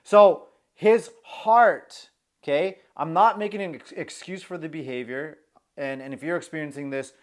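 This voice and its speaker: Earnest man coaching, stressing points. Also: a little high. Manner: earnest, keeps checking in with the listener by asking "okay?"; shifts pace often, slowing to stress key points. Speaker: social anxiety coach. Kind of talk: earnest self-help talk to camera.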